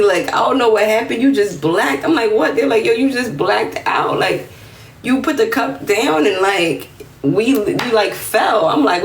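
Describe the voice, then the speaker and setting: A woman in her twenties with a New York accent, telling a story on a phone livestream in a lively, slangy way and acting out the other voices. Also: medium pitch. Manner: animated, slangy, acts out quotes in a raised voice. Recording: roomy, slightly distant phone audio with faint room noise.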